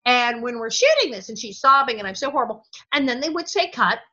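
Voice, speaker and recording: A woman being interviewed as a guest, telling animated stories, often laughing and acting out the voices of people she quotes. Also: a little high, brisk, lo-fi sound. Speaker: guest, former actress.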